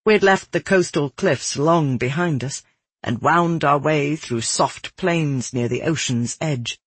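A man reads a first-person adventure story aloud in a steady, descriptive manner. His voice is husky and sits a little high for a man. The sound is dry and close. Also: dry recording. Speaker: audiobook narrator. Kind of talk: scripted first-person narration.

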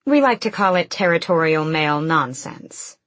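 Woman reading a confident, playful young queen for an audiobook; low, husky, unhurried. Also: animated, fairly bright tone, no room sound. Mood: teasing. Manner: playful and teasing. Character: bold, teasing young queen with fiery temper.

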